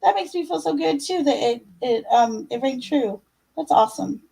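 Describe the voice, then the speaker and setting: A woman's voice: high-pitched, animated, normal speed, gravelly, warm tone, poor audio. A young woman giving casual tarot readings on a live stream, chatty and full of fillers, calling viewers love and my dear. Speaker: livestream tarot reader.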